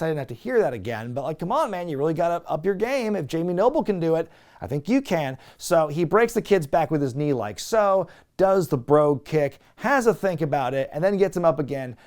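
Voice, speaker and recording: A man's voice: a little high, a little mellow. Sarcastic man recapping wrestling. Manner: sarcastic, swears, mocks dialogue with quoted impressions. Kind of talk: casual recap commentary.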